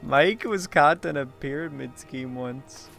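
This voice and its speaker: A man with a gravelly voice rambles loosely while he plays a game. He jokes, swears and drifts between thoughts. Faint music runs behind him. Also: fairly high pitch, fairly bright tone. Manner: rambling, joking, profane, quick to laugh. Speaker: streamer playing a game. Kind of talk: casual gameplay commentary.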